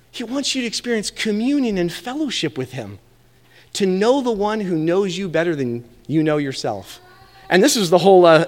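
In a church sanctuary with a long reverb tail, a pastor with a somewhat high voice preaches a sermon. He sounds earnest and conversational, putting questions to his listeners.

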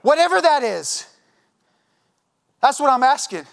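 A man's voice: extremely high pitch, big pitch swings, measured pace, vocal fry, a bit bright. A man preaching a sermon in a church, impassioned and conversational, acting out quoted voices and repeating himself as he presses his point. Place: church sanctuary.

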